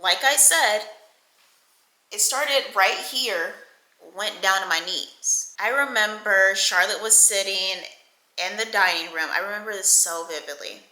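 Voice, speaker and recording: A woman's voice: mid-range voice, a little slow, sharp tone. A young woman casually retelling a personal story, candid and profane, acting out the people she quotes. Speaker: storytime vlogger. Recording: echoey room.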